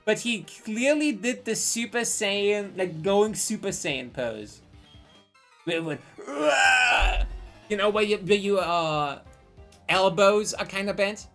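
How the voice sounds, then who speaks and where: A woman's voice: mid-range voice, lively intonation, unhurried, soft background music. A woman in her twenties telling a rambling, profane story on a live stream and drifting into tangents.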